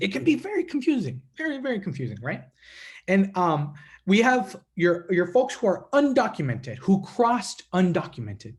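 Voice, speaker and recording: A guest speaker addresses a congregation, his voice sitting high. He tells stories in an animated way and calls the audience his friends.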